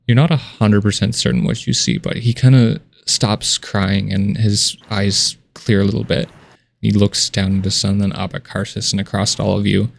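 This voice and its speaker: A man runs a tabletop game, describing the scene in a casual, loose way full of fillers. His voice sits low with a gravelly rasp. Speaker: game master.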